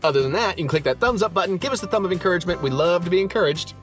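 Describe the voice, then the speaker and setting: A man hosting a movie review, chatting excitedly and casually, swearing and laughing often. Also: high-pitched, racing, faint music behind.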